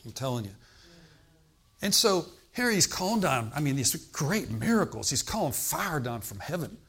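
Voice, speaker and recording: A man's voice: fairly high pitch, big pitch swings, moderate pace, fairly bright tone, breathy edge. A man preaching a sermon in a conversational way. He asks the congregation questions and adds emphatic exclamations.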